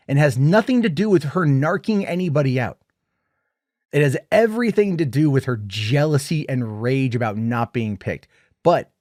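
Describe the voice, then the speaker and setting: A man giving a casual, rambling film review, retelling scenes in an animated way. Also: medium pitch, no echo, clean studio sound.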